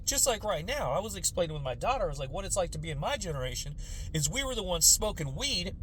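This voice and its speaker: A man's voice: sits high, fast talker, a little hiss or hum. A man in his forties doing a profane, casual comedic rant about politics and generations. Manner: profane, animated, lots of quoted voices. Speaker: commentator.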